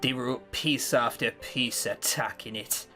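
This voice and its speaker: A man voicing a cold, guarded young woman rebel haunted by loss, in a gruff, slow and grave voice, reading a game aloud. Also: sharp tone, faint music behind. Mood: grim. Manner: slow, low and grave delivery.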